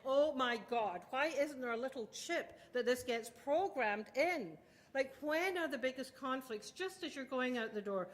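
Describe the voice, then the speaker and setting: A woman's voice: high voice, unhurried. A middle-aged woman gives an intense, emphatic talk to parents in a lecture hall. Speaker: child development speaker. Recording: long hall reverb.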